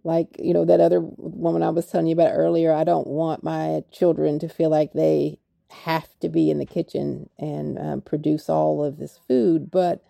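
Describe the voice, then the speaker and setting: A woman's voice: low voice, level tone, normal speed, gravelly, hardly any pauses, mellow, no room sound. An older woman with a Kentucky accent, speaking as an author guest in a radio interview, reflective and hesitant, with many fillers.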